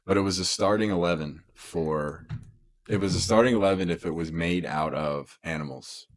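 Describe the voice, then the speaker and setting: Male podcast co-host, deep voice, rambling casual sports talk. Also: normal speed. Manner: rambling, lots of "like" and restarts.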